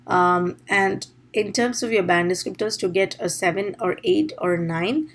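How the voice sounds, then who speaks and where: A woman's voice: lowish voice, a little hiss or hum. Woman teaching an exam-prep lesson. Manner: explanatory, repeats "all right?" checks. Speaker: IELTS teacher. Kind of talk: online lesson.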